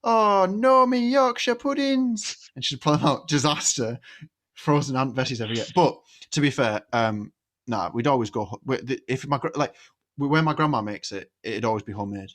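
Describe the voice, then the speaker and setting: Young bloke, co-host, blunt and teasing, relaxed mid-pitched chat. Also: male voice, brisk. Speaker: podcast co-host. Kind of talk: casual banter.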